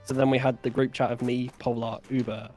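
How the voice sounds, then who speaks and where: A man's voice: medium pitch, level tone, a little fast, dark tone, soft background music. A man, a guest creator, telling casual stories in a rambling, filler-heavy way. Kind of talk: casual storytelling.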